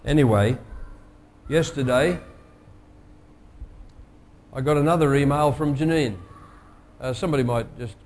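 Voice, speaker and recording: A pastor delivering a sermon, measured and emphatic, slowing down to stress key phrases. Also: male voice, mid-range voice, darkish tone. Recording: long hall reverb.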